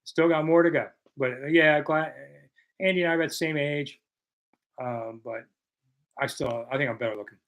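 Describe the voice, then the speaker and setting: A man's voice: on the high side, steady tone, moderate pace, fairly bright tone. A man in his sixties from the American South, hosting a casual live chat, reading viewer questions and answering with self-deprecating humor. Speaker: host.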